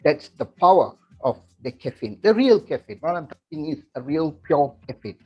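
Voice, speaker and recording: A man speaks, his voice a touch high and husky. He delivers an animated sales-style talk, leaning on "okay" between points. The recording is dull and muffled. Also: moderate pace. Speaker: company distributor giving a product talk. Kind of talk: presentation talk to members.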